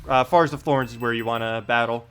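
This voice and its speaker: Speaking fast in a clean, mid-range voice, this male game streamer talks loosely through his gameplay while fielding questions from viewers. He sounds relaxed, reasoning out loud and filling gaps with lots of uh and um.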